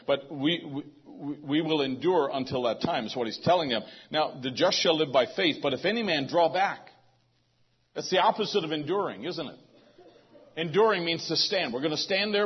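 Husky pastor guy preaching, kinda high voice, chatty sermon, muffled lo-fi sound. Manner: conversational preaching with repeated restarts. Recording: dull lo-fi sound.

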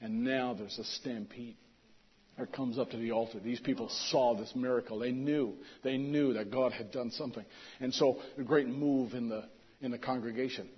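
A male preacher telling a story in a sermon, swinging between loud emphasis and hushed asides. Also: medium pitch, steady tone, normal speed, breathy edge, muffled recording.

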